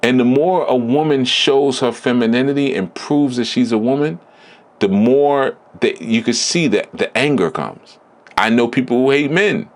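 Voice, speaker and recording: A man giving a blunt, emphatic spiritual teaching talk in a deliberate, preaching manner. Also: mid-range voice, animated. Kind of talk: preaching lecture.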